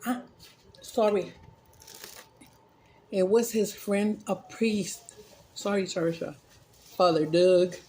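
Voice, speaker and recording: A woman vlogger casually telling a joke in a rambling, animated way and correcting herself as she goes. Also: mid-range voice, takes it slowly, pauses often. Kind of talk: casual storytelling.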